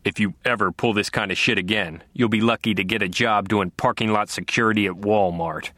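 A man playing a gruff, barking police captain. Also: on the low side, steady tone, fairly quick, pushed and bright, no echo. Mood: stern. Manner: curt, barking. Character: gruff middle-aged male police captain, commanding.

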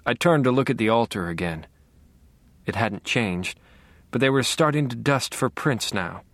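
A man's voice: mid-range voice, expressive, moderate pace, fairly bright tone, dry recording. Dry, wry male audiobook narrator. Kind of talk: first-person audiobook narration.

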